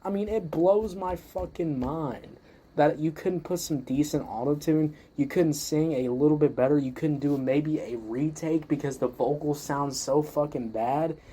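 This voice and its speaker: A man's voice: on the high side, unhurried, mellow, breathy edge. A man hosting a music review show, ranting heatedly and swearing constantly while he judges a song. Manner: heated, swears constantly, leans on "you know".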